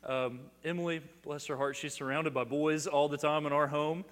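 In a hall with long reverb, a middle-aged pastor preaches at a moderate pace in a voice on the high side, his delivery flat. Even so, his sermon swings dynamically between loud proclamations and hushed emphasis, and he often repeats words while restarting phrases.

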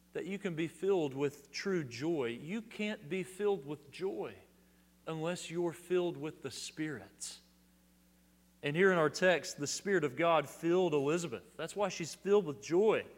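A middle-aged male pastor with a high-pitched voice preaches a sermon, swinging between loud declarations and hushed emphasis. He often repeats words as he restarts a phrase, and a long hall reverb fills the recording.

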